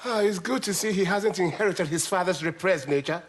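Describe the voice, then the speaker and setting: A man's voice: high voice, brisk. An actor playing a wordy, pedantic man. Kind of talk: sitcom acting.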